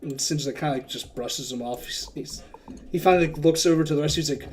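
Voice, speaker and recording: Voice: mid-range voice, expressive, fast, a little mellow. A game master narrating a tabletop game in a loose, chatty way with self-mocking asides.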